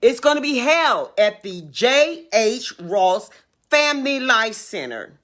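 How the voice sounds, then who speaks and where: An older woman hosting a casual livestream, making emphatic, drawn-out announcements and urging viewers to come along. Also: fairly high pitch, pushed and bright. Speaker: livestream host.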